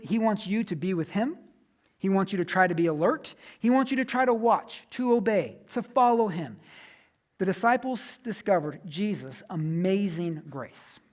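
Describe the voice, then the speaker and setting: A man with a notably high voice delivers a sermon. He speaks as a pastor in his thirties, earnest and conversational, and he often repeats phrases for emphasis.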